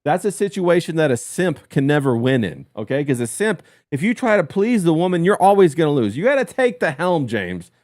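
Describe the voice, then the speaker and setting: A man's voice: on the high side, sing-song, fairly quick, hardly any pauses, a little mellow, no room sound, clean studio sound. A man hosting a podcast, telling a story in a crude, rambling way with lots of "uh" and "like". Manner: crude, storytelling rant with frequent fillers. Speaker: podcast host. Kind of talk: casual podcast chat.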